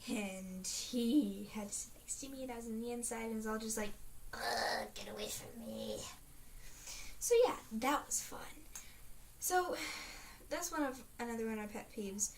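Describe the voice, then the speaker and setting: A woman's voice: fairly high pitch, moderate pace. A teenage girl chatting in a casual video diary, rambling and dramatic, full of fillers. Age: teens. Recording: faint hiss, mic a bit distant.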